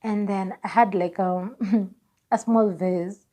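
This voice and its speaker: Kenyan lady in her 20s vlogging, chatty storytelling, laughs a lot, middle pitch. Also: slow. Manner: animated, laughing, acts out dialogue. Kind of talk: personal storytelling.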